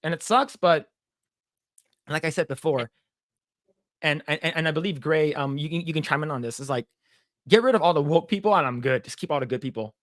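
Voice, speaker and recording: A talkative man in his thirties, co-hosting a relaxed podcast and rambling through anecdotes. He acts out the other people's lines as he tells them. His voice sits a little high and is recorded close and dry. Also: brisk, long pauses, no echo. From United States. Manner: rambling storyteller who acts out quoted dialogue. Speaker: podcast co-host. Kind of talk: casual podcast chat.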